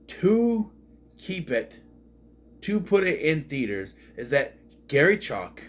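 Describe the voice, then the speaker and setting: A man's voice: medium pitch, slight background noise. A man giving a rambling, blunt and sarcastic casual movie review.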